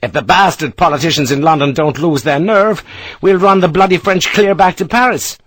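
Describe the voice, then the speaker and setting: A man doing a brisk Irish army captain. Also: mid-range voice. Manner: brisk, energetic, emphatic. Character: middle-aged male Irish engineer captain, ebullient.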